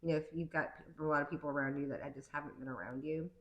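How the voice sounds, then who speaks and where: A woman giving a casual tarot reading, rambling and chatty, full of fillers and quick to laugh. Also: low-pitched, steady tone, echoey room, highs cut off. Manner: playful, laughs easily. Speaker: tarot card reader.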